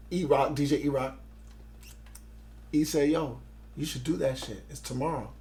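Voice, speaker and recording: A man from Grenada in his forties tells his story in a casual interview, his voice sitting fairly high. He gets loud and excited and acts out the words of the people in his tale. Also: normal speed, pauses often. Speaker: interview guest.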